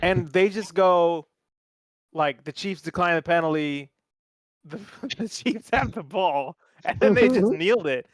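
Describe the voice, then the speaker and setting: Young male podcast host, higher voice, dry close sound, profane and animated storyteller. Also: a little slow, no room sound. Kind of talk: casual sports chat.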